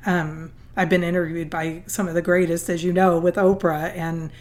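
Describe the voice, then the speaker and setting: Earnest storytelling woman, slightly low voice. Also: level tone, moderate pace, darkish tone. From Southern California. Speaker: guest, nonprofit founder. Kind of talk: conversational storytelling interview.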